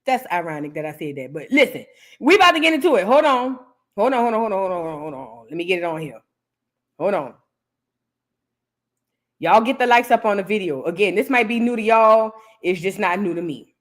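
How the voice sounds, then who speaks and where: A woman's voice: mid-range voice, animated, a little fast. A woman who hosts a celebrity gossip reaction show and talks straight to her viewers in a chatty, casual way. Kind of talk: casual commentary.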